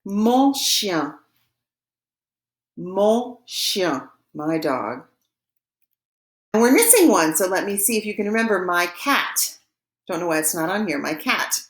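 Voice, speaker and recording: Woman, teacher, patient, slow repetitions, lively pitch, roomy echo. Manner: patient, repeats each word slowly for practice. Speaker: French teacher. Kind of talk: recorded vocabulary lesson.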